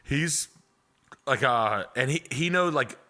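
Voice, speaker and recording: A man's voice: medium pitch, lively intonation, slow, bright, forceful tone. A young man hosting a casual livestream, rambling and self-deprecating with crude jokes. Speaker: realtor and livestream host.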